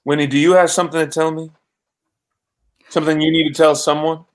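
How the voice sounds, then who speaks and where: A woman's voice: low-pitched, flat delivery, a little fast, natural voice. A woman reading a cautious, awkward young man. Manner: stammering, careful. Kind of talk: live play reading.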